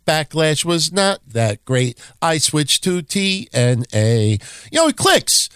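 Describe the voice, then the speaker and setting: A man's voice: fairly high pitch, sing-song, a little slow, hardly any pauses, a bit bright, clean tone, no echo, studio quality. Blunt, profane male wrestling podcast host. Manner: blunt and profane, wry asides. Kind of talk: casual wrestling history talk.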